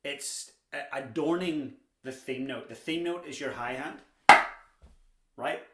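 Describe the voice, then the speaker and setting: A young man gives a drumming lesson in a chatty, encouraging way and throws in the odd dad joke. His voice sits at an ordinary pitch. The room is echoey, with clear background noise and stick clicks behind him. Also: a little slow. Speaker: drumming teacher. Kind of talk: instructional lesson.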